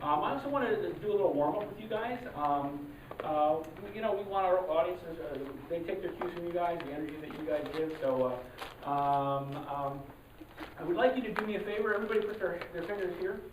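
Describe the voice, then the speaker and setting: A member of an improv troupe warming up a live audience, talking haltingly with many fillers and restarts and loudly calling out cues to the crowd. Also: medium pitch, background noise. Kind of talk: live audience warm-up talk. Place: live show venue. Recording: distant, roomy, muffled live recording. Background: audience ambience.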